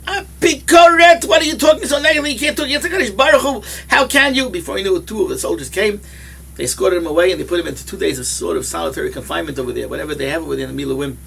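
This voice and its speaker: Rabbi preaching a sermon; high, gravelly male voice, tells stories with emphasis. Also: fairly bright tone, slight background noise. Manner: emphatic storytelling, repeats key phrases. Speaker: rabbi and yeshiva head.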